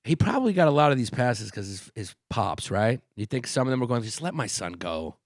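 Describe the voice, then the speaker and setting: A man co-hosting a comedy podcast, chatting and telling stories in an animated, joking way. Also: mid-range voice, fairly quick, no echo, studio quality. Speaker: podcast co-host. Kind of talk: casual comedic chat.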